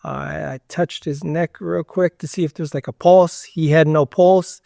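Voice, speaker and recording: A man's voice: on the high side, fairly even intonation, moderate pace, gravelly, dark tone, dry recording, studio quality. A man being interviewed, telling a story casually in a rambling way, with lots of fillers and acted-out quotes. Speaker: interview guest.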